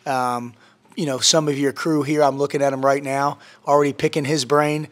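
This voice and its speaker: A man as a podcast guest, talking in a brash, profane, boastful motivational style that gets louder when he is worked up. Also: a little high, flat delivery, moderate pace. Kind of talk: casual podcast chat.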